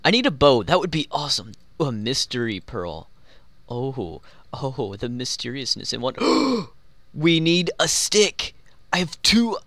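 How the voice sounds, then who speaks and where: A young man giving excitable, joking commentary while playing a game, talking to himself and the players around him. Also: mid-range voice, measured pace, no echo. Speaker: gaming YouTuber. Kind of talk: live Minecraft gameplay commentary.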